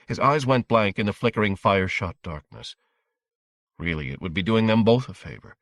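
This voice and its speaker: A man reading a horror audiobook in a measured, dramatic storytelling manner. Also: lowish voice, expressive, fairly bright tone, no echo, studio quality. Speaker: audiobook narrator. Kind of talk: scripted audiobook narration.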